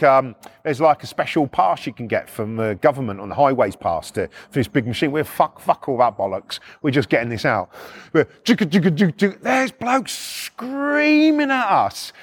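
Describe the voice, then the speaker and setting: Animated swearing man telling stories. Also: a little high. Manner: animated, swears constantly, acts out voices. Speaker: podcast storyteller. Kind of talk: casual anecdotal storytelling.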